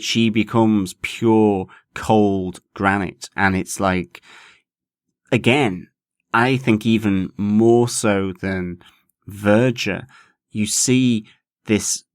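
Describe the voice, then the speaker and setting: A man co-hosting a podcast about a TV series, talking in a measured way and stretching key words. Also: fairly low pitch, no echo, clean studio sound. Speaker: podcast co-host. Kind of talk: casual TV review chat.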